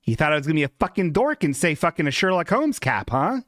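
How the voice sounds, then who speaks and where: A man's voice: a little high, very animated, quick pace, a bit bright, no echo, clean studio sound. A man hosting a casual solo podcast, rambling and self-deprecating and swearing freely. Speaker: podcast host. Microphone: desk microphone.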